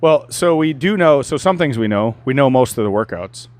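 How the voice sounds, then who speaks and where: A man's voice: mid-range voice, expressive, normal speed, no room sound. Wisecracking man co-hosting a podcast. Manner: teasing, wisecracking. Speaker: podcast co-host. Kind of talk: casual chat.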